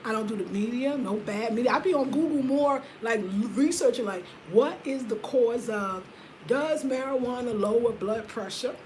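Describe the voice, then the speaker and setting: Lively, slangy woman in her fifties. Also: moderate pace, slight background noise, rough recording. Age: 50s. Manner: energetic, slangy and excitable, swinging from loud laughter to low murmurs. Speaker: vlogger. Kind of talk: casual chat to camera.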